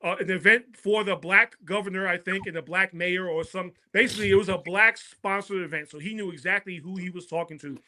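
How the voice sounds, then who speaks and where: Bright-toned high-voiced man ranting. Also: fairly quick, few pauses, low-quality recording. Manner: impassioned, repeats words when pressing a point. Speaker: podcast guest. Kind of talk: political talk show discussion.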